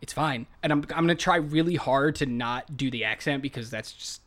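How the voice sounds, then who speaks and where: A man co-hosting a casual podcast chat about films, retelling scenes in an animated, rambling way. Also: medium pitch, fairly quick. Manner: animated storytelling, rambling asides. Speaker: podcast co-host reviewing films.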